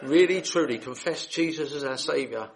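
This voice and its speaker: Male lay preacher in a hall, fairly high and a bit gravelly, earnest scripture reading and appeals. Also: normal speed. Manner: earnest, reads scripture then appeals to listeners directly. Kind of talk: gospel preaching.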